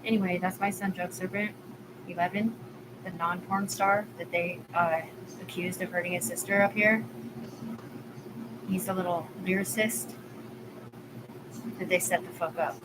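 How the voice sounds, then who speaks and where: A woman's voice: lowish voice, steady tone, moderate pace, pauses often. A woman in her forties ranting on a live stream, rambling, agitated and profane. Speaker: livestream host. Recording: clear background ambience noise.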